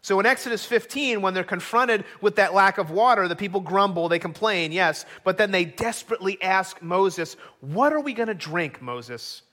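A man's voice: sits high, normal speed, few pauses, sharp tone. A middle-aged man preaching a sermon as pastor, earnest and acting out quoted voices.

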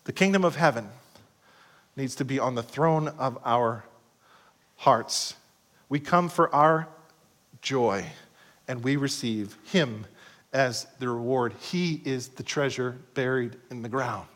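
A middle-aged pastor preaching a sermon, swinging between loud passages and hushed asides and acting out quoted voices. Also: male voice, mid-range voice, slow pace, long pauses. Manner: acts out quoted voices in short skits.

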